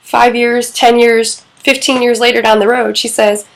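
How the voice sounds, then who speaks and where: A woman's voice: on the high side, flat delivery, measured pace, creaky, rough recording. A middle-aged woman coaching on relationships in a casual, candid talk, swearing freely and acting out quoted lines.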